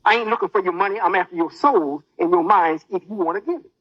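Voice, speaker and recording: High-voiced boastful male preacher. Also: quick pace, lo-fi sound. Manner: boastful, menacing. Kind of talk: sermon.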